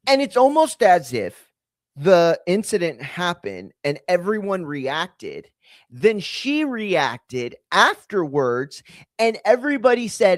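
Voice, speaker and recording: A man hosting a casual reaction commentary, talking in an animated, profane and rambling way, often restarting his sentences. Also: sits high, takes it slowly, dry recording, clean studio sound. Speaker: host.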